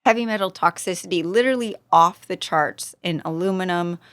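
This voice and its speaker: A woman's voice: on the low side, a little fast, dry recording. A middle-aged woman telling a personal story as a podcast guest, acting out what people said to her. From Southern California. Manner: animated storyteller, acts out quotes. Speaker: guest, supplement company founder. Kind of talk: casual storytelling interview.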